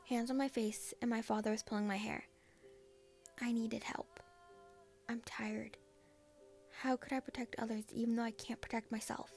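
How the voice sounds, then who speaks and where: A woman reads fan fiction aloud in a casual, first-person way. Her voice sits a little high and carries a strong gravelly fry. The narration runs on loosely, with the feel of a home recording. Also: level tone, moderate pace, a little mellow, faint music behind. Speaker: fanfiction reader.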